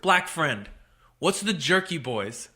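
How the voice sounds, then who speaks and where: A man in his thirties telling a comedic story on a podcast, animated, incredulous and profane. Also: on the high side, takes it slowly. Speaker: podcast co-host.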